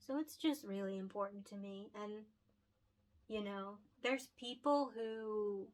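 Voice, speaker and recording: A woman's voice: medium pitch, takes it slowly. A young woman chats alone about making picture books, her voice in an ordinary middle range. She talks loosely, with lots of "like" and "you know", and turns tender and earnest as she speaks. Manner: heartfelt and emotional, lots of fillers, laughs often. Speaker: picture book author and illustrator. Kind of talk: casual solo chat to camera.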